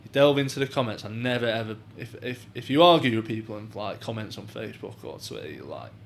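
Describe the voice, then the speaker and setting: A Mancunian professional boxer from England chats as a guest, telling stories, swearing, and leaning heavily on "like." His voice is fairly low and fast with vocal fry. A little hiss or hum sits in the recording.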